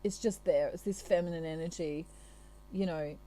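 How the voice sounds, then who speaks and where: A woman's voice: fairly low pitch, fairly even intonation, moderate pace, dark tone, low-quality recording. A woman from Australia giving a channelled tarot reading in a chatty, reassuring way, with many asides. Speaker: tarot reader.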